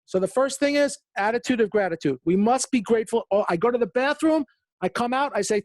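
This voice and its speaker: A man's voice: a little fast, dry recording. A man giving a motivational webinar talk, who acts out the quotes in his stories with big jumps in voice and repeats words for emphasis. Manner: animated storytelling, acting out quotes with big pitch jumps. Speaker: motivational speaker.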